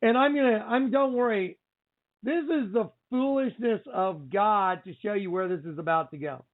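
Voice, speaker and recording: A man hosting a religious talk radio show, telling a story in an excitable, exclaiming way with lots of repeated phrases. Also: sits high, normal speed. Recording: tinny phone-like line.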